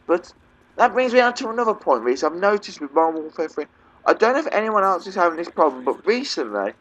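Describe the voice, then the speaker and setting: A man's voice: high voice, very animated, quick pace, a bit bright, rough recording. A young man from England with a Midlands accent, ranting casually over gameplay and often asking "okay?". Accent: English Midlands. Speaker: gaming YouTuber.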